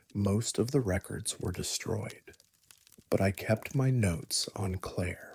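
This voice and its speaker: A man narrating a scripted first-person horror story in a hushed, often whispery delivery. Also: low-pitched, breathy edge.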